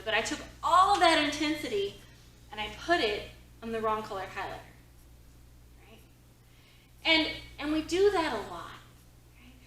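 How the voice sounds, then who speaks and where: Woman, therapist giving a talk, storytelling, conversational, fairly high voice, echoey hall. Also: recorded from a distance. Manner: expressive, conversational, with frequent "right?" asides. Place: presentation hall.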